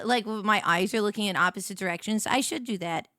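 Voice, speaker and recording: A woman's voice: medium pitch, lively intonation, a little fast, hardly any pauses, pushed and bright, no echo. A woman livestreamer chatting casually with her viewers, giggly and rambling, on a close desk microphone. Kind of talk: casual stream chat.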